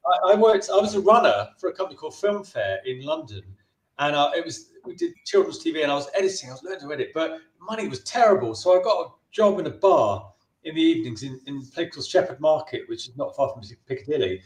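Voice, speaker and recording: A high-voiced filmmaker, expressive and fast, tells a chatty anecdote in a casual interview, and the sound is roomy. He restarts often and puts on brief voices for the people in his stories.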